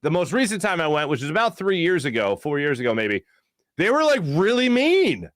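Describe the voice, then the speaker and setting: A man's voice: on the high side, big pitch swings, brisk, no room sound, clean studio sound. Joking man hosting a sports talk show. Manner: joking storyteller.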